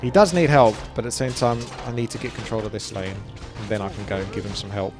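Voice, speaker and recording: With a lowish voice, a steady tone and a quick pace, a young man casually commentates on the strategy game he's playing. He's chatty and explains his strategy along the way, with game music underneath.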